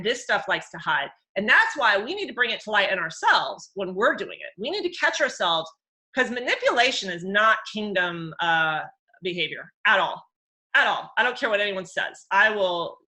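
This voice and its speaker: Woman, middle-aged, workshop host, counselor, chatty, animated, bright tone. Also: moderate pace, low-quality recording. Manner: chatty, animated, mimics others in high voices. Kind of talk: live workshop talk.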